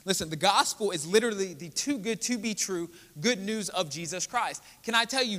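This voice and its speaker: Pastor, male, bright forceful sermon voice, reverberant sanctuary. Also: high-pitched, expressive, brisk, hardly any pauses. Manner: earnest, building to emphatic preaching. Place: church sanctuary. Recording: church hall with long reverb.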